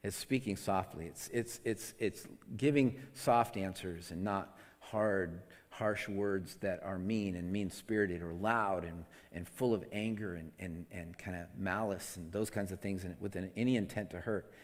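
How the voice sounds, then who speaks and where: A man preaching a conversational sermon into a microphone, candid and self-deprecating, with lots of restarts, swinging between loud and soft. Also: low-pitched, steady tone, measured pace, hardly any pauses, big-room sound. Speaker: pastor. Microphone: amplified microphone.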